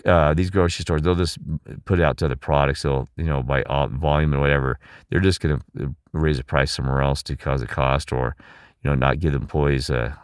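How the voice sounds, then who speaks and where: A man's voice: rumbling low, clean tone, no echo, studio quality. A middle-aged man talking in a rambling, emphatic monologue, asking listeners questions and restarting his sentences. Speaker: channel host.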